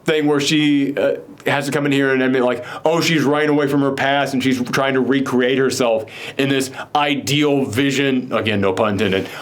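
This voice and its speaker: A man's voice: mid-range voice, fairly even intonation. A man casually recapping a TV episode with a co-host, rambling with many fillers. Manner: rambling, filler-heavy, quick mock voices for characters. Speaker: podcast co-host.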